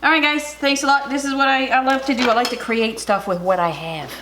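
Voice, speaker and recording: A woman hosting a casual home cooking video, chatty and excitable, talking straight to her viewers. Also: fairly high pitch, brisk, background noise. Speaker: cooking vlogger. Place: home kitchen.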